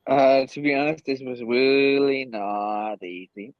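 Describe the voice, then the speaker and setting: A man's voice: mid-range voice, takes it slowly, no echo. Blunt man, dull dry call audio. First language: German. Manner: blunt, swears freely, rambling and animated. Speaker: guest, men's coach. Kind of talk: casual interview on a call. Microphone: video call.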